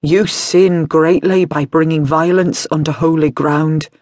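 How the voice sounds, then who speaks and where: Guy reading as a reedy old nun lady, slow and stern, dry sound. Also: on the high side, fairly even intonation, a little mellow, no echo, close to an everyday voice. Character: elderly female abbess, firm and devout.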